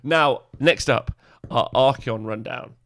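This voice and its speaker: A man with a gravelly, fry-laden voice chats his way through a podcast as its host. He talks loosely and casually, with plenty of uhs and little laughs between his points. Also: mid-range voice, slow, a bit bright. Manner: rambling, lots of filler uhs and laughs. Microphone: podcast microphone.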